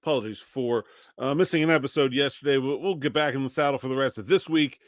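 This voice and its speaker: On his daily solo sports podcast, a man talks conversationally, thinking out loud and often restarting his sentences. His mid-range voice moves fast, captured in studio quality with no echo.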